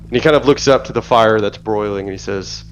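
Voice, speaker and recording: A man narrating a tabletop game as game master, speaking in a measured, descriptive way. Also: lowish voice. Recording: dull lo-fi audio with faint music.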